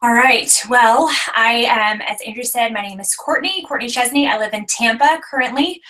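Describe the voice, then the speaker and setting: A woman's voice: fairly high pitch, moderate pace, sharp tone. A woman in her thirties giving an earnest, faith-driven testimony as a guest speaker on a team conference call. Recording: distant voice on a call line.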